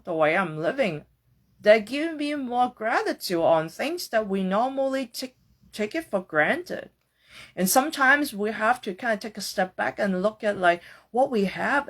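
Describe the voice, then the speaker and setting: A woman's voice: mid-range voice, expressive, measured pace, fairly bright tone. A woman hosting a podcast, talking through a reflective personal monologue in an earnest, searching way, casual and with the odd swear word. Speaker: podcast host.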